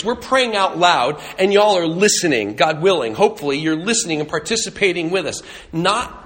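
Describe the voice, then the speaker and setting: A man with a high, bright voice preaches a sermon, speaking conversationally and slipping in humorous asides as he tells a story. He sounds like a pastor addressing his congregation.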